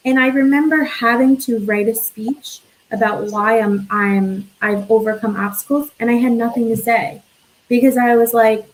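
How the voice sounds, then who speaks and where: A young woman hosts a casual, upbeat chat, gushing warmly about her guest. Her voice sits fairly high and she talks in quick, bubbly bursts over a home video call. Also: low-quality recording. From New York. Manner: bubbly and effusive. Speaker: podcast host.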